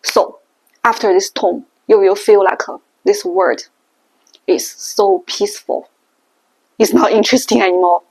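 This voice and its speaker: A woman teaching Mandarin tones in a language lesson, explaining slowly and deliberately. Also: medium pitch, steady tone, darkish tone. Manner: slow, deliberate explaining with exaggerated tone demonstrations.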